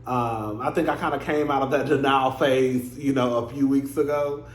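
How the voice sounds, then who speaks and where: A man's voice: mid-range voice, fairly even intonation, normal speed. A man hosting his own gossip vlog, talking casually and sassily to his viewers and calling them "girl". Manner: chatty, sassy, addresses viewers as "girl". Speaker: vlog host. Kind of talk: casual celebrity gossip chat. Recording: echoey room with faint noise.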